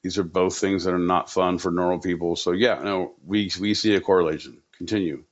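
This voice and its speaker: Low-voiced man in crude banter. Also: steady tone, brisk, muffled recording. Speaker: podcast co-host. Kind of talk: casual chat.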